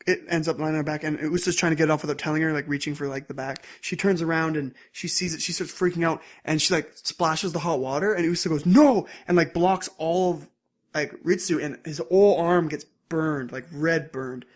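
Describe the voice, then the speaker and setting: Young male podcast co-host, slightly high voice, rambling casual recap. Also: fairly quick. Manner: rambling, animated, acts out scenes in bursts. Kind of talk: casual chat recapping episodes.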